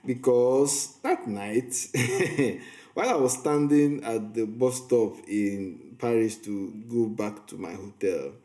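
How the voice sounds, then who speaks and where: A man's voice: medium pitch, takes it slowly, dark tone. A man, chatting casually as a film reviewer and storyteller, often restarting his sentences. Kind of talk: casual vlog recap. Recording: echoey room.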